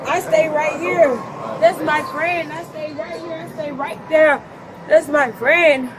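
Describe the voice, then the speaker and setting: A distraught, grieving woman arguing loudly and profanely outdoors, repeating herself, recorded on a body camera. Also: high voice, fairly even intonation, takes it slowly, background noise. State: distraught from grief. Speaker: grieving resident. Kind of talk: heated street argument. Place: outdoors at a housing complex. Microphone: officer's body camera. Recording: bodycam audio with crowd behind.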